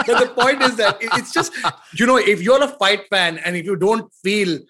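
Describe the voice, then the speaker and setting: A man in his forties co-hosting a sports podcast, talking in an emphatic, excitable way and laughing often. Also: sits high, moderate pace. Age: 40s. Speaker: podcast co-host. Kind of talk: casual sports chat.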